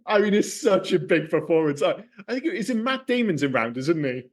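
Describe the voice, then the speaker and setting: A man co-hosting a casual film podcast, talking in an animated, rambling way and swearing freely. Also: on the high side, fairly quick. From Scotland. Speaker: podcast co-host.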